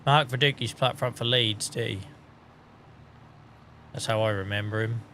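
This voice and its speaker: A man's voice: medium pitch, steady tone, normal speed, sharp tone, slight background noise. Chatty, swearing man streaming. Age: adult. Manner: chatty, swearing, joking, mutters while playing. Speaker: streamer playing a farming game. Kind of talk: casual live-stream chat.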